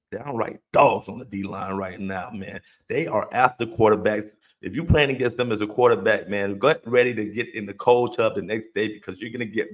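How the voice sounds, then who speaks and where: A man hosting a sports podcast, giving emphatic, casual commentary, repeating phrases for punch and cursing freely. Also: on the low side. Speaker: podcast host.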